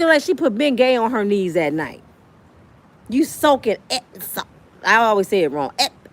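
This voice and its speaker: Animated, high-voiced gossiping woman. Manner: blunt, animated, profane storytelling. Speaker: vlogger. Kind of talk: celebrity gossip commentary.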